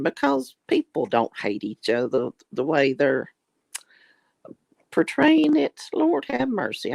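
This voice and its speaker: A woman's voice: lowish voice, vocal fry, no room sound. A woman with an East Tennessee mountain drawl, chatting folksily with viewers on a livestream and calling them darling and honey. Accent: Southern US drawl, East Tennessee mountains. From East Tennessee, American South. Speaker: livestream host reading viewer comments. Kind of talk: casual livestream chat.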